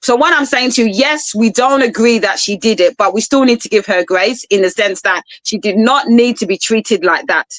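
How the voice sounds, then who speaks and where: A woman's voice: a little high, normal speed, hardly any pauses, dry recording, low-quality recording. Passionate woman on a chat panel, dry close mic, chatty storytelling. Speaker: panel guest.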